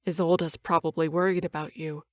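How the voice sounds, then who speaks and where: A woman voicing a caring teenage boy who asks soft, concerned questions in an audiobook. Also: deep voice, level tone, brisk, no room sound, close to an everyday voice. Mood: gentle.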